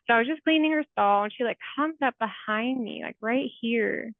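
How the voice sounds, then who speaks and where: A woman's voice: fairly high pitch, normal speed, dry recording. A therapist in her forties, a woman, speaking as an interview guest in an earnest, heartfelt way, with many "like" fillers. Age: 40s. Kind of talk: conversational interview storytelling. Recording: tinny phone-like remote call audio.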